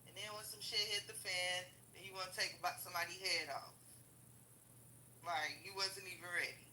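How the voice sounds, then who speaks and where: A woman with a very bright, sharp, forceful voice rants casually about her past. She is blunt and profane, heavy on slang, and laughs through her own stories. A faint hiss sits behind her. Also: fairly low pitch, steady tone, fairly quick, low-quality recording. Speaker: vlogger. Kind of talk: casual storytelling rant.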